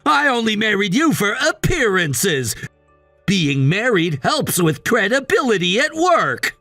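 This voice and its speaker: A man's voice: high-pitched, big pitch swings, measured pace, dry recording, faint music behind, heavily acted. A man voicing a bossy, scornful husband. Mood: angry, scornful. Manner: bossy and dismissive, shouting at times. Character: controlling, scornful husband facing divorce. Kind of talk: text-message story narration.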